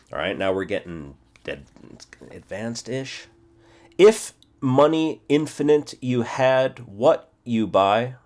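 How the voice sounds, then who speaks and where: A man in his forties teaching a self-study language lesson, thinking aloud, checking himself and repeating phrases slowly. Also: low voice. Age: 40s.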